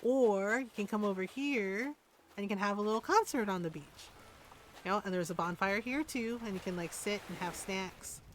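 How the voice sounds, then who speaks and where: A woman's voice: mid-range voice, normal speed, a little hiss or hum. Chatty young woman streaming a game. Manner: chatty, rambling with fillers. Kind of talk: casual game-stream chat.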